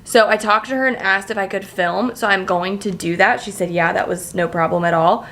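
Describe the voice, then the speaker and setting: A woman in her twenties talking casually to camera in a vlog, chatty and excitable, swearing freely and leaning on filler words. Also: mid-range voice, a little fast. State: emotional, near tears. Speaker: vlogger.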